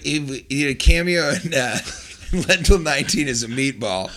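A man's voice: medium pitch, moderate pace. A man co-hosting a comedy podcast, telling an absurd improvised story with a straight face. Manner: deadpan absurd storytelling, bursts into shouted put-on voices.

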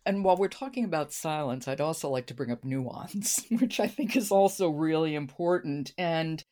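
Low-voiced woman hosting an interview. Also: animated, normal speed, mellow. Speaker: host.

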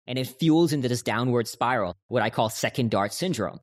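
A man speaking at a fast clip as an interview guest. He is earnest and explains his points through personal stories and quotations, with a voice in a middling register. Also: mid-range voice. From United States. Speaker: podcast guest, author. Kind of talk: conversational interview.

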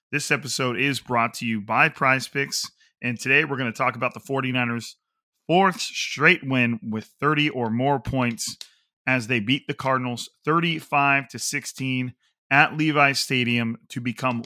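A man hosting a football podcast in a quick, chatty way, wandering off on tangents with ums and restarts. His voice is bright and forward. The recording is dry, with no room sound. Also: medium pitch, dry recording. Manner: quick, chatty, digressive with fillers. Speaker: podcast host. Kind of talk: casual sports podcast talk.

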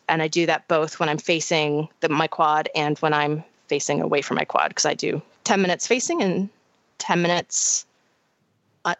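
A woman's voice: sits low, a bit bright, no room sound, lo-fi sound. Science-minded woman podcast co-host. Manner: explanatory, science-minded, many restarts. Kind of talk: casual podcast chat.

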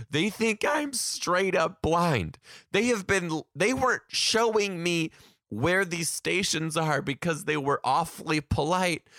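Male teacher telling a chatty story, fairly high voice, bright and sharp, swears casually. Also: lively intonation, slow, no room sound, clean studio sound.

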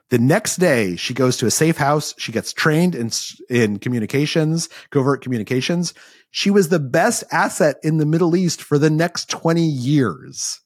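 A middle-aged man spins an anecdote with lots of rise and fall in his voice, voicing the people he quotes and scattering fillers through his sentences. His tone is a little husky, and the recording is close and dry. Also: on the high side, normal speed, no echo. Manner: lively anecdotal storyteller, acts out quotes, many "like" fillers. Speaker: author guest. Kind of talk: animated storytelling in a podcast interview.

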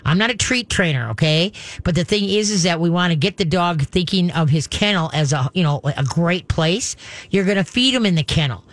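A woman's voice: on the low side, lively intonation, a little fast, no echo. A woman hosting a call-in radio show, chatting, giggling and rambling through advice for a caller.

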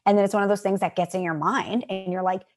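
A woman co-hosting a podcast, telling stories in a casual, animated way and laughing often. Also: medium pitch, fast talker. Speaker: podcast co-host. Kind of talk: casual chat.

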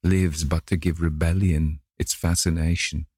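A man narrating a classic novel in a measured way, lightly voicing the characters. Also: deep voice, level tone, slightly rough, dry recording, clean studio sound. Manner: measured reading, gently voices each character. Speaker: audiobook narrator.

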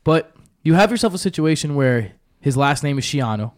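A man's voice: fairly high pitch, lively intonation, normal speed. A man with a New York accent giving blunt, opinionated takes in a casual sports chat. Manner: blunt, opinionated, speaks his mind.

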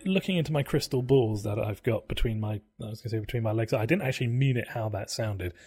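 A man's voice: lowish voice, fast, darkish tone, husky, dry recording, faint music behind. A man hosting a podcast in casual banter, joking and laughing at his own slip-ups. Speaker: podcast host.

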